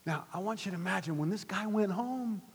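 A man preaching a sermon as pastor, swinging from loud emphatic lines to hushed whispers. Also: high voice, animated, fairly quick, husky, long reverb tail.

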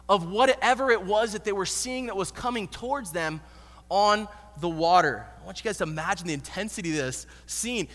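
A man preaching a sermon in an animated, slangy storytelling manner, recorded in an echoey hall. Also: sits high. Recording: echoey hall with long reverb.

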